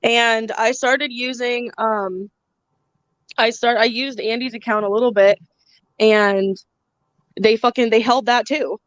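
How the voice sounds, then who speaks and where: A woman's voice: fairly high pitch, steady tone, slow pace, pauses often. A woman hosts a casual live stream, venting in a loose, profane way with frequent laughter. The sound is muffled and lo-fi, and the room is dry, with no echo. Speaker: channel host.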